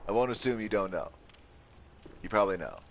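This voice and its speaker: A man's voice: fairly low pitch, expressive, a little fast, slight background noise. A man giving casual let's-play commentary, joking, laughing often and talking back to his viewers. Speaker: gaming commentator.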